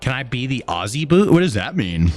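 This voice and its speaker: A man's voice: medium pitch, sing-song, brisk, darkish tone, soft background music. A man hosting a live stream, casually reading and answering his chat with easy chuckles. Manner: laid-back, chuckling, talks to chat.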